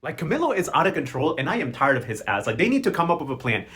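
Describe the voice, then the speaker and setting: A man doing a sassy, slang-heavy recap of a soap opera, mocking the characters in quick asides. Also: on the high side, sing-song, a bit bright. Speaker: novela recap host.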